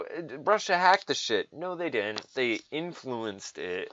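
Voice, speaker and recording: Male commentator, slow drawling sarcastic rant, swearing, dull low-fi sound. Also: a bit bright. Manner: sarcastic, profane, mocking voices. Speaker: political commentator. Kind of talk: ranting political commentary.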